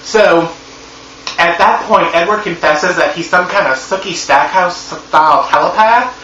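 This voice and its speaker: A man reviewing a movie in a sassy, profane, animated comedy recap. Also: high voice, unhurried. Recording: echoey room, dull lo-fi sound, faint hum.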